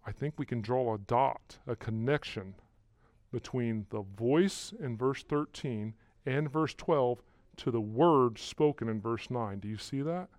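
A man preaching a sermon to a congregation, walking through verses and rising loudly on key words, often repeating himself. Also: mid-range voice, unhurried, no echo. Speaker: pastor.

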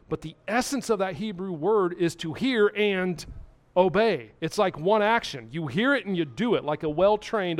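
High-voiced preacher man, earnest. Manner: earnest preaching with repetition and questions to the congregation. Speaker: pastor. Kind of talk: sermon.

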